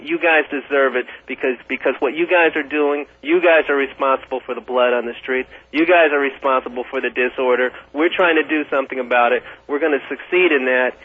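Combative man arguing over a tinny phone. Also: fairly high pitch. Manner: combative, repeats his openings. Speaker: caller. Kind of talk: heated call-in debate. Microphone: telephone.

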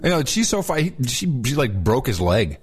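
A man's voice: medium pitch, very animated, moderate pace, loud music behind the voice. A middle-aged man co-hosting a podcast, bantering and teasing. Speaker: podcast co-host. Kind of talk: casual banter.

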